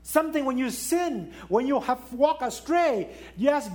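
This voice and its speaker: A man preaching a sermon in non-native English, swinging between raised exclamations and hushed, low pleading. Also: animated, a little slow, hardly any pauses.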